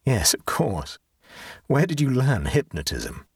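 A man's voice: mid-range voice, wildly swooping pitch, a little slow, husky, no echo, heavily acted. A man reading the part of a sensible, skeptical grown man who speaks dryly and with reason. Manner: dry, reasoning. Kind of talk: audiobook character reading.

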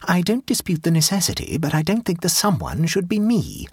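A tired, sardonic Edwardian society wife, put on by a male reader in an audiobook. She speaks with weary defiance and a wry, husky edge. Her voice leaps high and low with lively scorn, close and dry. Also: fairly quick, no room sound, full character voice. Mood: wearily defiant.

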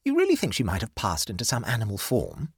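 A man's voice: lowish voice, huge pitch swings, quick pace, breathy edge, no room sound, clean studio sound, exaggerated voice. A man reading aloud, voicing an anxious, scandalised upper-class lady in a story. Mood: fretful. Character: fretful upper-class English lady, easily swayed.

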